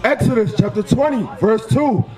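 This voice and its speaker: A man reading Bible verses aloud on a city street, slow and measured. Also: very high-pitched, darkish tone, low-quality recording. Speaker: scripture reader.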